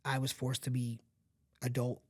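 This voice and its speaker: A man's voice: mid-range voice, completely flat delivery, moderate pace, husky. A middle-aged man, a podcast guest, telling a painful personal story in an earnest, confiding way and often checking that the listener is following. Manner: earnest and confiding, talks straight to the listener with frequent asides. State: emotional at times.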